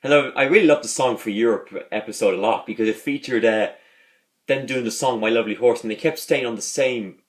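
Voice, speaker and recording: A man's voice: mid-range voice, fairly quick. A man hosting a casual video, rambling as he talks, repeating words and restarting his sentences. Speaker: video host reviewing a sitcom. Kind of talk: casual vlog talk.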